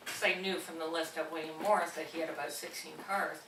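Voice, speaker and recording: A woman's voice: low voice, a little fast, hardly any pauses, a bit bright, slight background noise. Woman co-author reading aloud. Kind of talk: live reading of a memoir. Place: bookstore event space. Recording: distant, echoey live reading.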